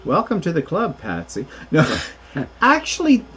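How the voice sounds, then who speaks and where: A man's voice: a little high, wildly swooping pitch, measured pace, fairly bright tone, slight background noise. A man co-hosting a casual crafting livestream, rambling through explanations of his 3D printing projects with plenty of fillers.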